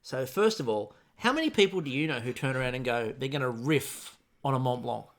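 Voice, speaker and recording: A man's voice: mid-range voice, animated, fairly quick. A man co-hosting a podcast, chatting casually about a baking show in a rambling, jokey way. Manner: rambling, jokey, with many restarts and acted-out quotes. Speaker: podcast co-host.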